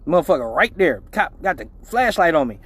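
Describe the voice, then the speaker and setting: A man's voice: fairly high pitch, fairly quick, breathy edge. A middle-aged man, hosting a live stream and telling a profane story in a casual way, acting out the voices in it. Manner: animated, profane, acts out voices in his story. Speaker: live show host.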